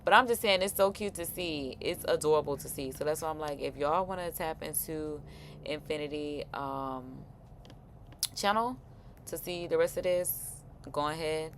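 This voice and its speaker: A woman with a lowish voice chats casually as she reacts on a livestream. She talks in an expressive, slang-heavy way, and faint room sound sits behind her. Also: normal speed, slight background noise. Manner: chatty and expressive, slang-heavy, frequent laughs.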